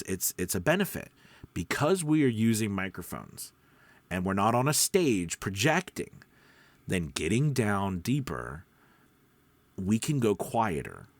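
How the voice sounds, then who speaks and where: A man teaching voice-over in a casual video lesson, speaking close to the microphone and showing how his voice drops deep and quiet. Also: big pitch swings, unhurried, no echo. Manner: demonstrates pitch, drops deep and quiet then rises. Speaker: voice-over coach. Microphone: close studio mic.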